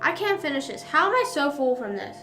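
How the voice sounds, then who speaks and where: A woman's voice: high-pitched, very animated, brisk, music in the background. A young woman streamer casually telling a story, rambling with lots of fillers and casual swearing.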